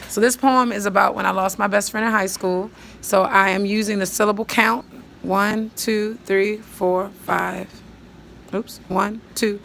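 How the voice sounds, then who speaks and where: A woman teacher patiently walking students through writing a poem, counting syllables aloud and thinking out loud as she writes. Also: mid-range voice, gravelly, a little hiss or hum. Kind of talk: step-by-step poetry lesson.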